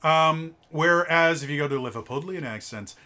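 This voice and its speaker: A man's voice: a little high, animated, brisk, pushed and bright. A man reviewing a tabletop game book in a casual, rambling way, often stuttering on the first sound of a word. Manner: loose, rambling delivery full of ums and uhs. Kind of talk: casual video review commentary.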